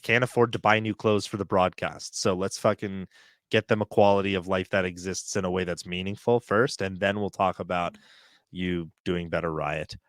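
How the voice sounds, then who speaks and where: A man co-hosting a podcast chats casually and goes on rants punctuated by laughs. His voice is low and a bit bright, with fairly even intonation and normal speed, on a dry, clean studio recording.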